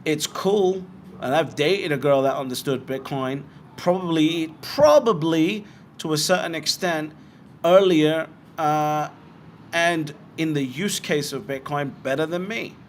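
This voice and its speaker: With a fairly high pitch and an unhurried pace, a young British man hosts a bitcoin livestream and answers viewer questions. He's blunt, swears a lot, and makes animated asides; there is slight background noise.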